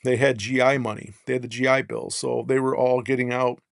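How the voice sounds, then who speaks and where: A man, a podcast guest, telling long rambling stories in casual chat and tagging his points with quick checks on the listener. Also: mid-range voice, little pitch movement, creaky, dry recording, studio quality. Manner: rambling, peppers lines with "right?". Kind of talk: casual storytelling.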